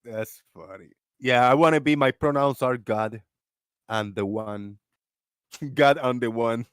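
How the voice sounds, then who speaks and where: A man's voice: mid-range voice, measured pace, clear, resonant tone, dry recording. Host of an online voice chat, man, dry close sound, profane, ranting, laughs a lot. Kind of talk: casual live voice chat. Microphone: online voice call.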